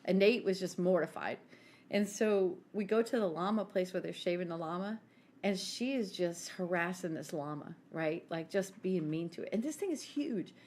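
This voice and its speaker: A woman co-hosting a podcast, telling a story in an animated, giggly way and acting out the quotes. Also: fairly low pitch, moderate pace, a little hiss or hum. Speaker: podcast co-host. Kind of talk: casual storytelling chat.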